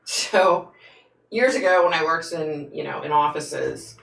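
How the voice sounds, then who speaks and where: Low gravelly woman, echoey room. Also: slow pace, distant mic. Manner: frank and chatty, laughs often. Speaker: psychic hosting a live stream. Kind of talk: casual live-stream chat answering viewer comments. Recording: echoey room, voice away from the mic.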